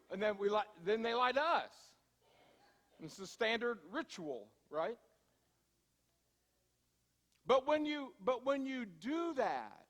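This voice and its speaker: A male pastor with a very high voice delivers a sermon, ringing with the long reverb of a church hall. He talks conversationally, slowing for emphasis and hurrying through asides. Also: fairly bright tone. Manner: conversational storytelling, shifting from slow emphasis to quick asides. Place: church sanctuary.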